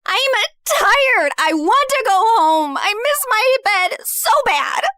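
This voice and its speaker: A woman voicing a spiteful, bitter teenage girl in an animated story, sneering and hurling harsh insults. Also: very high-pitched, slow, no echo, clean studio sound, exaggerated voice. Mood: whiny.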